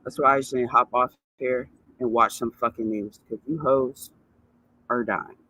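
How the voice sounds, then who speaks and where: Bright-voiced man ranting angrily. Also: mid-range voice, steady tone, normal speed, rough recording. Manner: profane, indignant, repetitive ranting. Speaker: vlogger. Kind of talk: angry ranting vlog.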